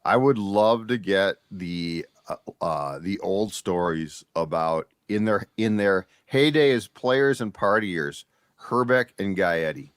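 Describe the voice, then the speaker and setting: A man hosting a casual sports talk show, telling stories in a relaxed, chatty way. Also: low-pitched, slow pace, no room sound, clean studio sound. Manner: storytelling, animated when excited.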